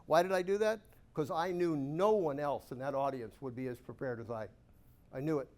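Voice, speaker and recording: A man giving a keynote talk to a live audience, telling lively, self-amused stories and asking the room questions. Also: fairly high pitch, a little fast. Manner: animated, self-amused anecdotes with rhetorical questions. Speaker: guest speaker at a real estate investor club.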